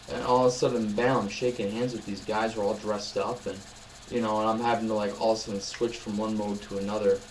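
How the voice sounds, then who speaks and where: Young man, casual vlog chat, rambling and upbeat, lowish voice, faint noise. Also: a little mellow, low-quality recording. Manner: rambling, upbeat storytelling with many fillers. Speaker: vlogger.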